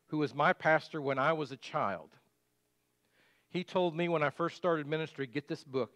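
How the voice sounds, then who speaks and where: High-voiced pastor preaching. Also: male voice, fairly bright tone, no room sound. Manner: conversational preaching with rhetorical questions. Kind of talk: sermon.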